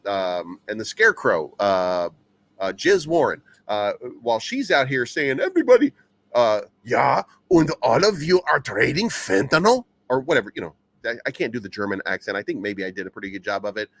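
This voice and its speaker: A man's voice: mid-range voice, fairly bright tone. A man hosting a crypto news channel, reading headlines aloud and rambling through them with stammering repeats and many fillers.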